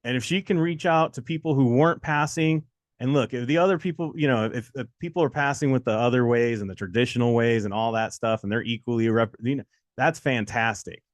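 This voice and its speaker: A man co-hosting a test-prep show in casual motivational talk, telling stories with animated quotes and repeating lines for emphasis. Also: mid-range voice, a little fast, no echo, clean studio sound.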